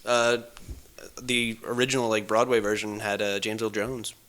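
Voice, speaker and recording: A man's voice: fairly low pitch, flat delivery, normal speed, a bit bright. A man co-hosting a casual movie podcast, explaining details with small stumbles. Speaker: podcast co-host.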